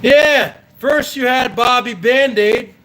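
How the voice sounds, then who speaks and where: Male stream host, high-pitched, unhurried, sarcastic and profane. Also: a bit bright, rough recording. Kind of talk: ranting livestream commentary.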